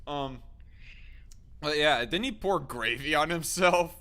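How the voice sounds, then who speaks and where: A man's voice: a little high, animated, slow pace, sharp tone. A man hosting a casual live stream, often laughing as he reads chat comments aloud. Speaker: streamer host.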